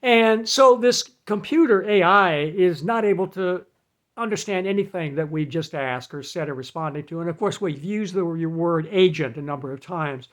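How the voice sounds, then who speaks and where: A man giving casual advice in an animated, chatty way, laughing at his own jokes. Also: sits high, moderate pace. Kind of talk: casual talk to camera.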